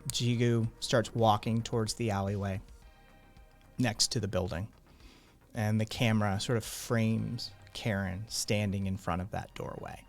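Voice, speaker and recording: A man's voice: on the low side, fairly even intonation, measured pace, creaky, soft background music. A man narrating a tabletop game as game master, in loose, filler-heavy narration with many restarts.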